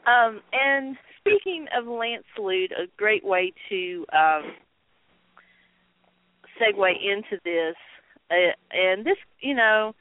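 Lively woman co-host on a tinny line. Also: mid-range voice, slow pace, dry recording. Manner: animated storytelling with laughs and fillers. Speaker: co-host of a wrestling talk show. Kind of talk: casual chat. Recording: tinny phone-line sound.

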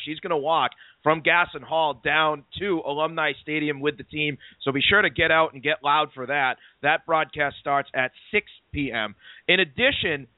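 Excitable sports radio host on a tinny line. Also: male voice, on the high side, no room sound. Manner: excitable, quick asides. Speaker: sports talk show host. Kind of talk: casual sports radio talk. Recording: dry, tinny phone-like line.

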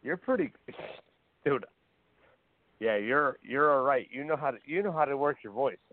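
A man's voice: mid-range voice, lively intonation, brisk, no room sound. A man chatting bluntly and rambling on a call-in radio show, heard over a phone-line connection. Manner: blunt, rambling, repeats himself. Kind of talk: casual chat.

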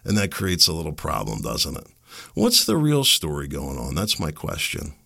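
Man, very low voice, gravelly, podcast host, worked-up sarcastic monologue, halting restarts. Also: huge pitch swings, sharp tone. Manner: agitated, ranting with sarcastic laughs; rhetorical questions, halting restarts.

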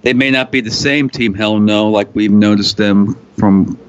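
A man co-hosting a casual wrestling talk show, halting often with ums and restarts. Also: lowish voice, fairly even intonation, smooth, dull audio. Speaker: podcast co-host.

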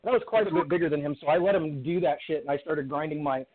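Rambling man on a tinny phone line. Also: on the high side. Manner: rambling, profane, halting restarts. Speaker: caller. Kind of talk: casual storytelling.

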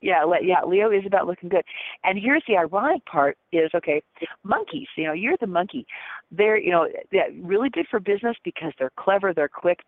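A woman's voice: mid-range voice, animated, fairly quick, no echo. Chatty woman psychic on a phone line. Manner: chatty, laughing, full of fillers. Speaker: psychic guest. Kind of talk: casual reading on a call-in show.

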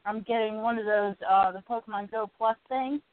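A woman's voice: medium pitch, fairly even intonation, brisk, dry recording. A woman co-hosting a casual podcast over the phone, easygoing and playful. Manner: easygoing, playful, chatting while eating. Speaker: podcast co-host. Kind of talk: casual chat. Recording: tinny phone line, dry.

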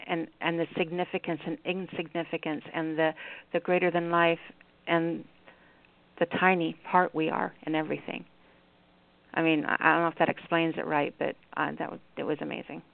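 A woman's voice: deep voice, creaky. A woman hosting a call-in radio show, chatting casually and laughing easily with callers. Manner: warm, giggly, chatty with callers. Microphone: phone. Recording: tinny phone line.

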